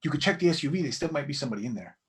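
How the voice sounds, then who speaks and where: Hesitant, husky-voiced player man, far off. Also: medium pitch, expressive, racing. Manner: hesitant, stammering. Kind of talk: playing a tabletop game. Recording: distant, husky mic.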